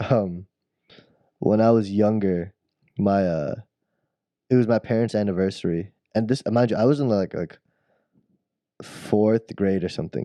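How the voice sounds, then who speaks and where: A man's voice: on the low side, dark tone, dry recording. A man co-hosting a podcast, telling a childhood story in casual chat, rambling and breaking off to laugh at himself. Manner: rambling, self-interrupting storyteller who laughs at his own story. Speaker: podcast co-host.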